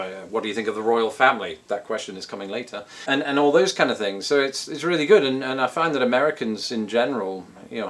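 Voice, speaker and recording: British vlogger, jokey and self-mocking, pitch bouncing up and down a lot. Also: male voice, fairly bright tone. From Britain. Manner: joking, self-deprecating asides. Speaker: vlogger answering viewer questions. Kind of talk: casual chat to camera.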